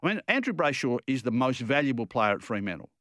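An Australian man gives his views on football as a radio co-host. He rambles and restarts his sentences as he argues a point. His mid-pitched voice is recorded dry and close. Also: sing-song, fast talker, a bit bright, no room sound. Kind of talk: casual radio chat.

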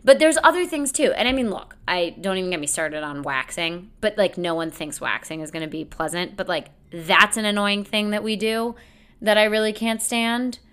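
A woman's voice: mid-range voice, moderate pace, fairly bright tone, clear, resonant tone. A young woman hosting a casual solo podcast, chatting in a rambling, self-deprecating way and laughing often. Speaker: podcast host.

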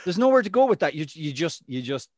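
A man's voice: on the high side, quick pace, no room sound, studio quality. A man, co-hosting a sports podcast and telling chatty anecdotes. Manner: chatty storyteller, lively anecdotes. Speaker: podcast co-host. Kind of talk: casual chat.

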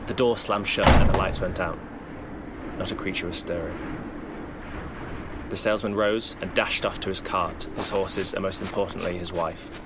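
Low-voiced man narrating a spooky tale. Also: steady tone, normal speed, noisy background. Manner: dramatic, rhythmic storytelling. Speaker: podcast storyteller.

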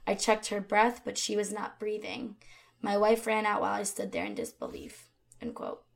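A woman with a gravelly, fry-laden voice narrates a true crime case for a podcast. She talks in a conversational way, with frequent fillers and asides to her co-host, at a middling pitch. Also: sing-song, moderate pace.

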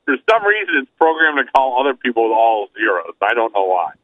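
A man's voice: medium pitch, very animated, fast, dry recording, narrow, tinny audio. A man co-hosting a podcast in casual chat, mostly adding short, dry interjections and quips. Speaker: podcast co-host, radio worker.

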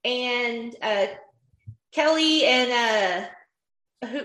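A woman's voice: on the high side, animated, extremely slow, fairly bright tone, roomy sound, rough recording. A woman with a Southern US accent co-hosting a podcast on a live video call, chatty and giggly. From Southern United States. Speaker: podcast co-host.

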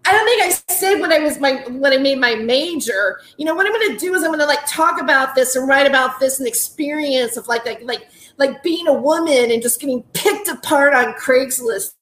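A woman's voice: high voice, expressive, a little fast, a bit bright, echoey room. A woman in her forties, a comedian telling a rambling story full of "like"s, restarts and laughing asides. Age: 40s. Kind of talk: casual storytelling monologue.

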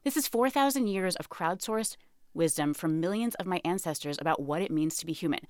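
A woman's voice: fairly low pitch, lively intonation, brisk, dry recording, studio quality. Candid self-mocking woman guest. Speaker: author and guest. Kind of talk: candid interview storytelling.

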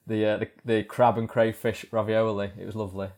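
A man's voice: on the low side, level tone, a little fast, darkish tone. Good-humoured, hesitant male co-host. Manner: hesitant, good-humoured chatter with many fillers. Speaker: podcast co-host. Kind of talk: casual podcast chat.

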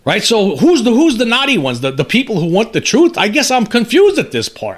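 A man's voice: sits high, sing-song. A man in his fifties casually commenting on an article he reads aloud, stumbling and restarting, his voice climbing when he gets worked up. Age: 50s. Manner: halting, many restarts, rising when indignant. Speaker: UFO commentary channel host.

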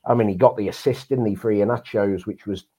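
Low-voiced English podcast co-host. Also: male voice, fast talker, mellow, slightly rough, rough recording. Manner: chatty, filler-heavy. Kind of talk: casual football chat.

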